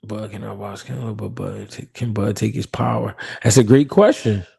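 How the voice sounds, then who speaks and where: A man's voice: fairly low pitch, fairly even intonation, moderate pace, gravelly, a little mellow, breathy edge. A man hosting a live boxing talk stream in casual, slangy chat, reading viewer comments and laughing often. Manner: laid-back, slangy, laughs often, repeats himself.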